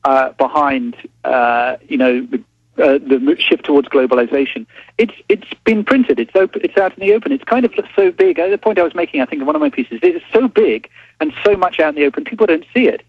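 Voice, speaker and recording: Halting London reporter on a phone line. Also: male voice, on the high side, expressive, slightly rough, no echo. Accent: London English. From England. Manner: halting, reflective, many restarts. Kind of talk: phone-in interview.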